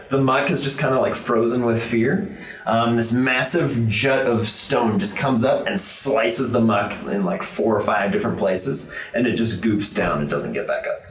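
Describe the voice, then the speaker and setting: Game master, male, mid-range voice, casual filler-heavy narration, echoey room. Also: medium pitch. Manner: loose, chatty narration full of fillers.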